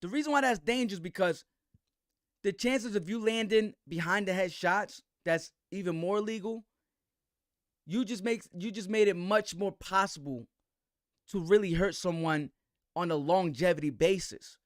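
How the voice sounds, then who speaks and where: A man's voice: high voice, moderate pace, dry recording, studio quality. A man hosting a livestream, giving heated, slangy commentary full of restarts. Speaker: host.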